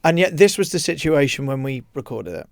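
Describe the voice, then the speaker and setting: A man's voice: a little high, a little fast, vocal fry, no echo. A man from the UK co-hosting a radio show's podcast, chatting casually and laughing as he tells studio stories. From United Kingdom. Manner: animated, laughs while telling stories. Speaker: radio co-host.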